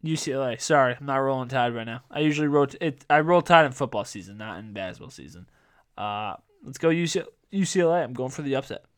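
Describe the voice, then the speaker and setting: A man in his twenties hosting a sports podcast in casual chat, rambling with lots of fillers and restarts, his voice going a bit hoarse. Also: mid-range voice, animated, fast. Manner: rambling, filler-heavy, self-correcting. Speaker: podcast host.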